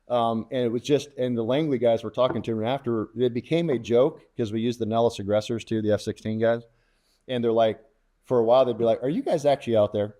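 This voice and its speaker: A man's voice: medium pitch, brisk. A middle-aged man, a former fighter test pilot, telling war stories in a casual interview and acting out the quoted dialogue. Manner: lively storyteller who acts out quoted radio talk.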